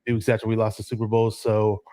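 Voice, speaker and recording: Relaxed man reminiscing, dry sound. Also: on the low side, dry recording. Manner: relaxed, reminiscing, many filler pauses. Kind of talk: casual sports chat.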